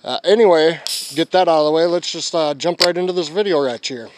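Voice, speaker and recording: A man's voice: on the high side, brisk, background noise. Crude, rambling young man vlogger. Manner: crude, rambling, swears a lot. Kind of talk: casual storytelling to camera.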